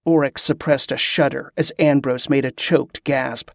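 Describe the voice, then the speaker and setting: A man reading fantasy fiction aloud as a narrator, with steady, even storytelling. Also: mid-range voice, a little slow, gravelly, hardly any pauses, no room sound, studio quality. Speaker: audiobook narrator.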